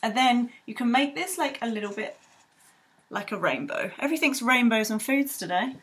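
A woman's voice: on the high side, animated, moderate pace, fairly bright tone, slightly rough. A young woman teaching children to draw in a bubbly, rambling way with playful sound effects. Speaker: art tutor. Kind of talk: drawing tutorial for children.

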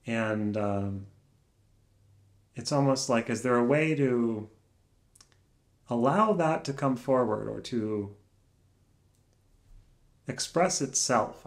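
A man musing aloud alone in a room, soft-spoken and searching, speaking in halting phrases that trail off into pauses. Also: medium pitch, animated, gravelly. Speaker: vlogger. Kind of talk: slow reflective musing.

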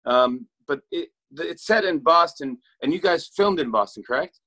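Easygoing talk show host, higher voice. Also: male voice, expressive, moderate pace, bright, forceful tone. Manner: laid-back, laughs along, fillers. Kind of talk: casual interview.

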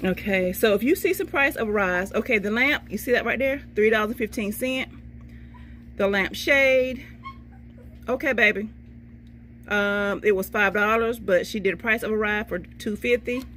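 In a medium-pitched, slightly bright voice at normal speed, a middle-aged woman vlogs her shopping haul, reading each price off the receipt. She's chatty and folksy, saying "okay, baby" to herself, with slight background noise.

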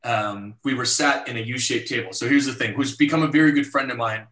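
Brief: male guest speaker, mid pitch, animated storytelling, roomy echo on a video call. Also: fairly quick, far from the mic. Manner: animated storyteller, voices others in his anecdotes. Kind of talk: storytelling in a live talk.

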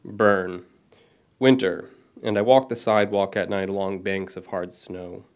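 Author in his thirties reading own story, lowish voice, self-deprecating, steady delivery. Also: unhurried. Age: 30s.

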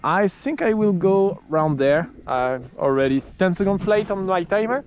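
A French-accented man flies an RC glider outdoors on a snowy, freezing field, giving casual running commentary for his vlog. His voice is high-pitched and expressive at a moderate pace, and he laughs often and restarts sentences. The phone-quality audio carries a little hiss or hum.

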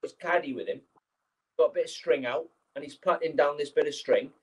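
Lively storytelling man, fairly high voice. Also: fairly quick, breathy edge, rough recording. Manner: lively, acts out scenes. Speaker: guest speaker. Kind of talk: anecdotal storytelling.

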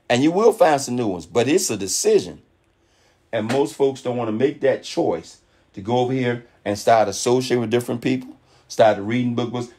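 A man giving a fired-up motivational talk to his network marketing team, preachy and animated, acting out other people's voices in quotes. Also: medium pitch, husky. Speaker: network marketing leader speaking on a call.

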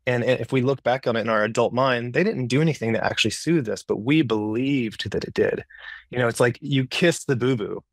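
A man's voice: medium pitch, brisk, dry recording. A man hosting a casual podcast conversation who thinks aloud and searches for his words, often saying "it's like". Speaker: podcast host.

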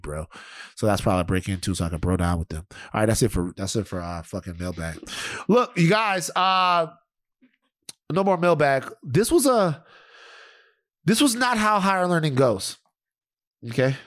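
A man hosts a podcast and rambles through stories, swearing freely. His voice is very dry and close, with no room sound around it. He sits at a middle pitch for a man. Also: sing-song, normal speed, long pauses, fairly bright tone, no echo. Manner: profane, rambling storyteller. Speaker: podcast host. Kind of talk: casual podcast chat.

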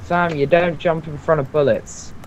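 A young man co-hosting a let's play, excitable and quick to swear. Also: on the high side. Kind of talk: casual gaming chat. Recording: slightly dull lo-fi mic with faint noise.

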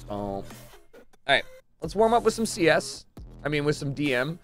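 A young man with a high, light voice tells a story to his stream chat. He talks loosely and swears freely, and he acts out the moments, sometimes rising to shouts. Faint music plays under him. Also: big pitch swings, normal speed.

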